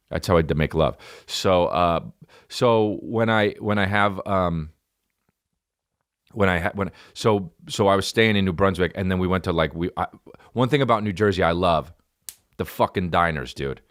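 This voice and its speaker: A man's voice: sits low, normal speed, fairly bright tone, dry recording, studio quality. A man in his thirties telling a rambling, profane comic story on a podcast, with many restarts. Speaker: comedian. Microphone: studio podcast mic.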